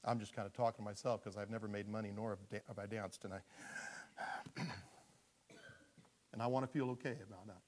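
A man preaching a sermon in a conversational, humorous style, animated and quick to laugh at himself. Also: fairly low pitch, a little hiss or hum.

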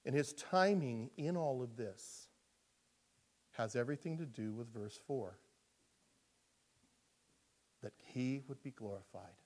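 Animated, joking male preacher. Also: mid-range voice, slow pace, pauses often. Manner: conversational, humorous, animated. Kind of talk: sermon.

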